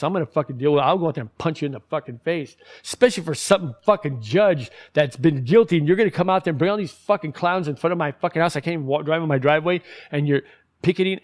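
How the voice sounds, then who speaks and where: A man ranting in casual commentary, heated and profane, rambling with many restarts. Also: fairly high pitch.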